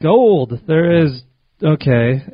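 A man's voice: fairly high pitch, animated, extremely slow, slightly rough, no room sound. A man co-hosting a podcast, teasing and swearing in casual chat. His mid-range voice comes through dry and a little muffled. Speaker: podcast co-host.

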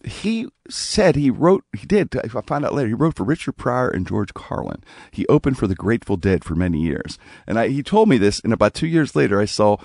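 Gravelly-voiced man telling a rambling story. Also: mid-range voice, a little fast, hardly any pauses, no echo, clean studio sound. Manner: rambling, animated anecdote with restarts. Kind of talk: casual storytelling.

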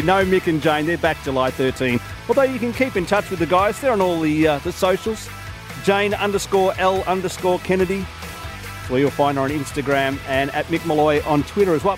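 A man hosting a radio show, presenting upbeat segments and sponsor reads. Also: fairly high pitch. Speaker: radio fill-in host. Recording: radio broadcast over music bed.

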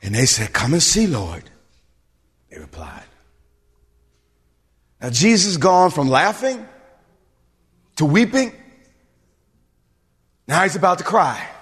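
A male pastor preaching a sermon in an animated way, repeating fillers as he speaks. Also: sits high, slow pace, long pauses, breathy edge. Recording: reverberant hall.

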